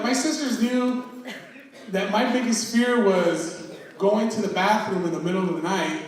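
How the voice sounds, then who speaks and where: A man in his thirties with a high-sitting voice performs a self-mocking stand-up set at a live comedy show, telling stories and acting out quotes. The roomy recording is taken from far off in an echoey hall, with a little hiss or hum and the audience laughing.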